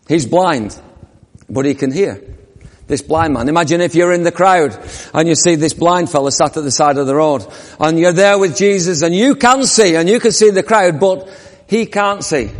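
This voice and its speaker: A man's voice: a little high, expressive, normal speed, long pauses. A man preaching a sermon, telling the story vividly and asking the congregation questions. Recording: long reverb of a church hall.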